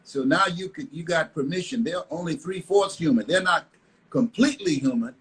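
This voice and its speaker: The older American man here is a motivational speaker telling stories on a live online interview, emphatic and given to repeating himself. He sounds a little high and fairly bright at a moderate pace, with rough audio from the video call.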